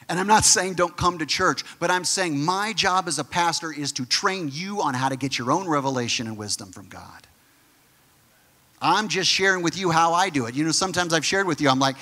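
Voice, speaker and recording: Bright-voiced male pastor preaching. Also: a little high, animated, moderate pace. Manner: earnest, repeats words, talks straight to the congregation. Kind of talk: conversational sermon.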